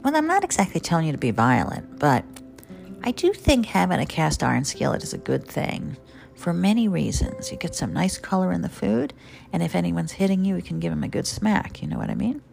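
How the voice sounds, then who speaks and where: A woman's voice: fairly low pitch, sing-song, brisk, vocal fry, a little mellow. A middle-aged woman telling family stories in a conversational, humorous way with asides to listeners, guitar music behind her. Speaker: storyteller. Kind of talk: storytelling on a radio podcast.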